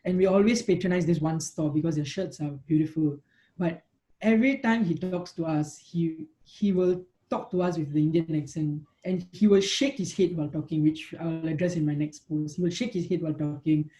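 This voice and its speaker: A man's voice: a little high, brisk, dark tone, poor audio. A young man in his twenties with a Singaporean English accent, a guest in a casual chat, explaining his views earnestly. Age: 20s. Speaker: guest, medical student.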